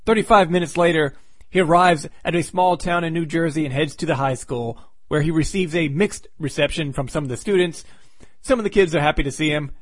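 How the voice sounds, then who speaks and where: A man with a fairly high voice reviews an old comic, recapping the plot dryly and dropping sarcastic jabs along the way. The sound is dead dry and close. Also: no echo. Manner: wry, sarcastic asides.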